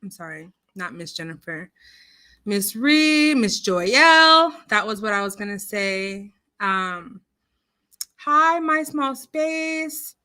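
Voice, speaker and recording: A woman hosting a casual livestream, loud and expressive, greeting her viewers by name in a chatty way. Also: mid-range voice, slow pace. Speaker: livestream host. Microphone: computer mic, streaming software.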